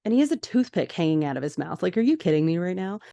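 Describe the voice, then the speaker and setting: Low-voiced woman vividly retelling a TV episode. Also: sing-song, quick pace, vocal fry, dark tone, dry recording, lo-fi sound. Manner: vivid scene-by-scene retelling with asides. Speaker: podcast host. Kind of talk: episode recap narration.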